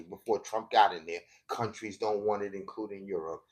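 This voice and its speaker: A man's voice: fairly low pitch, steady tone, normal speed, few pauses. American male streamer, mocking and profane, ranting political commentary at a viewer. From United States.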